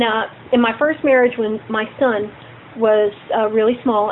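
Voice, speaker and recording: A middle-aged woman candidly telling personal stories to a group she leads. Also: a little high. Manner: candid, animated storytelling with acted quotes. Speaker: group leader. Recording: tinny phone-like sound with faint noise.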